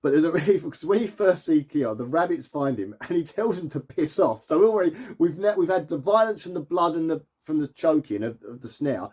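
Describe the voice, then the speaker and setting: A man's voice: a little high, expressive, a little fast, hardly any pauses, darkish tone. A man giving a casual, rambling film review full of fillers and easy laughs. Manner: rambling, chatty, filler-heavy with frequent laughs.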